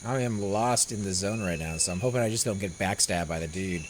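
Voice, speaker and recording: A man's voice: low-pitched, quick pace, noisy background. A man hosting a gameplay session, chatting casually with friends and thinking aloud as he plays. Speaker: gameplay host. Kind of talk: casual voice chat while playing.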